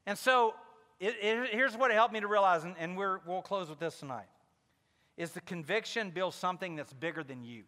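A man's voice: high voice, a little fast, pushed and bright, big-room sound. A man preaching a sermon as pastor, telling a personal story with candid asides and building to fervent emphasis.

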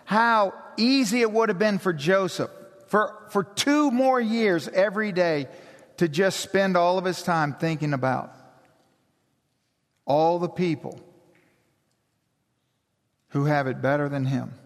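A man preaching a sermon as pastor, slow and emphatic, building intensity. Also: sits high. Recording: long hall reverb.

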